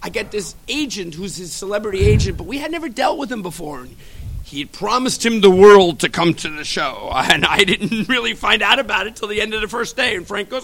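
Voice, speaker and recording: A man, animated and excitable, telling stories on a casual podcast. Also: sits high, a little fast, slight background noise. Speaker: comic convention organizer, guest. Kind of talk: casual podcast chat, storytelling.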